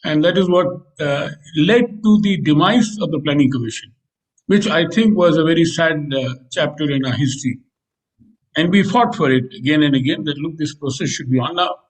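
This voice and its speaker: A man with an Indian English accent speaking on a panel about economic policy, pausing often with fillers. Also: on the high side, rough recording. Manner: hesitant, many fillers. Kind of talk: panel discussion.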